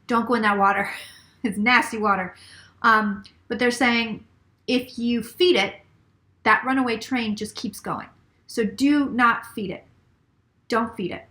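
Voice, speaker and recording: A woman's voice: on the high side, pushed and bright. A middle-aged woman giving a channeled psychic reading, relaying messages in repeated phrases and sometimes dropping to a whisper. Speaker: psychic reader.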